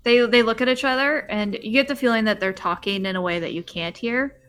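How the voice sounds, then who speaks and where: A woman narrating a tabletop role-playing game as game master, relaxed with frequent filler pauses. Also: on the high side, smooth, faint music behind. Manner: relaxed, many ums.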